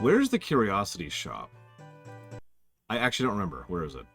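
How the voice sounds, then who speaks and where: A man with a fairly low voice that swings widely, up and down, as he chats over a game stream. He rambles, corrects himself mid-sentence and mutters to himself as he plays, with faint game music in the background. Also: huge pitch swings, brisk. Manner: rambling and self-correcting, talks to himself while playing. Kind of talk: casual live gameplay commentary.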